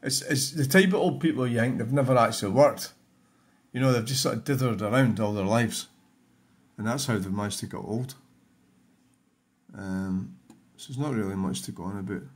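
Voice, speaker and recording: A man's voice: medium pitch, normal speed. An older man with a Scottish accent rambles through a channel update in an ordinary mid-range voice. He mutters along in a loose, offhand way and swears bluntly whenever something annoys him. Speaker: YouTuber giving a channel update. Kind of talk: casual rambling chat.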